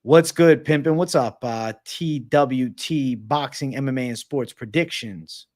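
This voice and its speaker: A man hosts a casual livestream, reading chat messages and answering with loose, joking banter full of swearing. He often drops low and quiet as he finishes a thought. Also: a little slow. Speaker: livestream host answering viewer questions.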